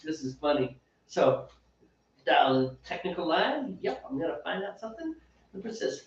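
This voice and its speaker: A man co-hosting a casual homebrewing podcast, an animated storyteller who laughs and mimics voices. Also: fairly high pitch, moderate pace, creaky. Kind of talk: casual banter. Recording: echoey room, distant mic, dull lo-fi sound.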